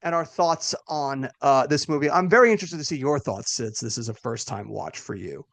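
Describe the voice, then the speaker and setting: A man co-hosting a movie podcast in casual, animated chat, often laughing. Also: medium pitch, a little fast. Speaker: podcast co-host.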